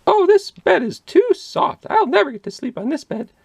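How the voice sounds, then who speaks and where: Guy doing fussy goldilocks, high squeaky voice, slow and whiny. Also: sing-song, vocal fry, no room sound, full character voice. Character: fussy girl Goldilocks, tired and picky.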